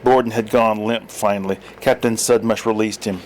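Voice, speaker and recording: A man's voice: moderate pace, hardly any pauses, a little hiss or hum. A man reading his own story aloud in first-person narration, giving each character a voice. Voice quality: lively, voices many characters in raised pitch.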